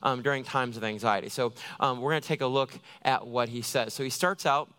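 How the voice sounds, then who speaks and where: A man's voice: mid-range voice, a little fast, pushed and bright, smooth. A man giving a conversational, jokey sermon as a youth pastor, acting out little everyday scenes.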